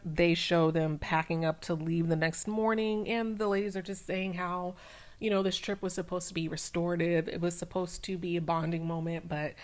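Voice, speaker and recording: Chatty woman recapping reality TV. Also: lowish voice. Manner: chatty, animated retelling with many fillers. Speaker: recap channel host. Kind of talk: casual TV recap.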